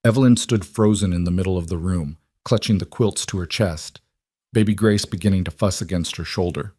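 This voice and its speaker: A man giving scripted narration of a frontier story in a slow, solemn, measured way. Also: sits low, mellow, breathy edge, dry recording, studio quality.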